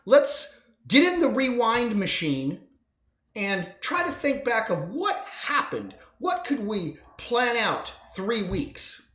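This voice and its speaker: A man's voice: sits high, a bit bright. Combative sarcastic man in an echoey room. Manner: combative, sarcastic, emphatic swings in volume. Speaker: podcast host. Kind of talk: solo political commentary.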